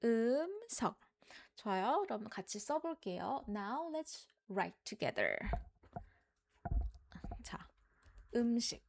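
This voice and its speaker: A woman's voice: fairly high pitch, sing-song, fast talker, creaky, pauses often. A woman, teaching a live lesson in English and patiently repeating each word for learners. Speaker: Korean language teacher. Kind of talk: live online Korean lesson.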